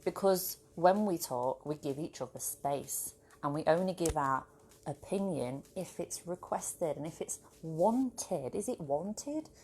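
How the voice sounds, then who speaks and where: A woman's voice: sits low, expressive, a little slow, darkish tone, a little hiss or hum. A woman vlogging casually to a camera on a tripod at home, rambling and swearing freely. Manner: rambling, swears freely, bursts into laughter and playful voices. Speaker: spiritual vlogger. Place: home with her dog.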